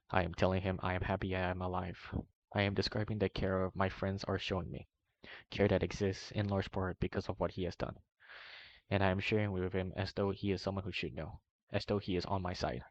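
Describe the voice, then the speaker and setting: A man reading a long document aloud in a steady way, now and then stumbling and correcting himself, in a dull, slightly muffled recording. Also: low-pitched, no echo. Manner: steady reading with small slips and self-corrections. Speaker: reader of a document. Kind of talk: long read-aloud narration.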